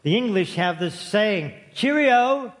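A man's voice: high-pitched, measured pace. A man preaching a sermon to his congregation, folksy and storytelling, joking with the room. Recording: long hall reverb.

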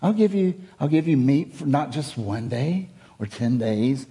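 A man's voice: medium pitch, expressive, unhurried, mellow, voice pushed down. A man voicing God, wryly exasperated. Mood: wry exasperation. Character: God, male, exasperated yet wryly amused.

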